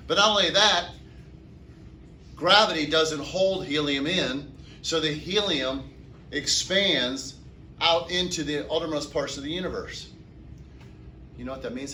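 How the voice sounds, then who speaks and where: Male teacher mid-lecture; bright, forceful tone; asks and answers his own questions; mic far off in an echoey room. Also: fairly high pitch, unhurried, pauses often, slight background noise. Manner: asks the class questions and answers them himself. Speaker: chemistry teacher. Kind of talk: classroom lecture. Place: classroom.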